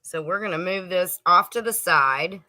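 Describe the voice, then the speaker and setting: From her kitchen, a middle-aged woman hosts a homestead livestream, chatting casually at a moderate pace. Her voice is on the low side but bright and forward. She talks easily to viewers, laughing and munching on snacks.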